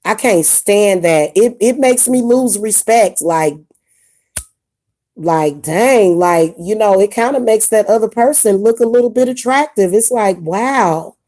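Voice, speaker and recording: A woman vents to her channel in a blunt, indignant rant, circling back over the same points. Her voice is mellow and warm rather than bright, and it sits at an ordinary middle pitch. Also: measured pace. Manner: blunt, indignant, repeats herself. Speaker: spiritual advice vlogger. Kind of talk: casual ranting monologue to camera.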